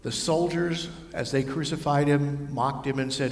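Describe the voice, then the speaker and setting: A man with a fairly high voice preaching a sermon in a church, telling the story vividly. The sound carries a long, echoing reverb from the large room. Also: measured pace, a little hiss or hum. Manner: storytelling, varies voice for figures. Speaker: pastor. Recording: echoey hall with long reverb.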